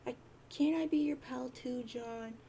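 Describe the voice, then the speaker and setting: A woman's voice: sits high, unhurried, creaky, dark tone, a little hiss or hum, pitched above the performer's own voice. A woman voicing a pushy, needy teenage troll girl in a raised, pleading voice. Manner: insistent, pleading, a bit awkward.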